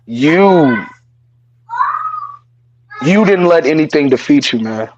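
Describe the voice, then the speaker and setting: A man's voice: on the high side, expressive, slow pace, lo-fi sound, noisy background. A man co-hosting a podcast, speaking earnestly and repeating his phrases, cursing casually as he offers support over a remote call. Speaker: podcast co-host. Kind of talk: casual heartfelt podcast talk.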